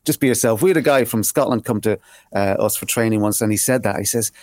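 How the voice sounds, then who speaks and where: Fast-talking jokey man. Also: fairly low pitch, dry recording. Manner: animated, jokey, repeats words when excited. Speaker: podcast co-host. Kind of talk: casual podcast chat.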